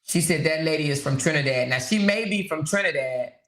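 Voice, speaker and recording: A woman's voice: low voice, animated, a little fast, a bit bright. Woman host of a casual live chat; talkative, reads out viewer comments, roomy sound. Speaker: livestream host.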